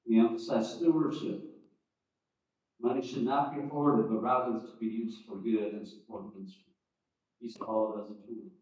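A man's voice: fairly low pitch, steady tone, moderate pace, darkish tone. Man preaching in an echoey church. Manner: conversational, with restarts and asides. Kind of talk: teaching sermon on church history. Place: church sanctuary. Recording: echoey, distant, dull church recording.

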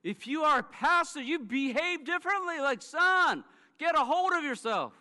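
An insistent mother scolding her grown son in a high, raised voice, as a man acts her out during a sermon. A long reverb rings after her words. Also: lively intonation, normal speed, pushed and bright, exaggerated voice. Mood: reproachful. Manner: insistent, reproachful.

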